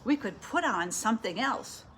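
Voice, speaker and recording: A woman's voice: on the high side, lively intonation, normal speed, a bit bright, a little hiss or hum. Woman reading as eager playful helper man. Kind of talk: reading a picture book aloud.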